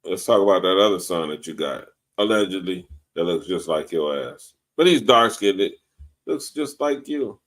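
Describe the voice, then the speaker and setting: A man's voice: low voice, expressive, normal speed, a bit bright. A man hosting a casual live-streamed talk show, ranting bluntly and mockingly with plenty of profanity. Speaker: host. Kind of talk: casual podcast commentary. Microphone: video call or stream mic.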